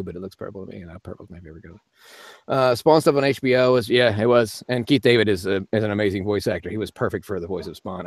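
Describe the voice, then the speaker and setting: Answering viewer comments on a live stream, this voice actor hosts a relaxed Q&A, rambling and laughing frequently. He speaks in a lowish voice, and the recording has no room sound.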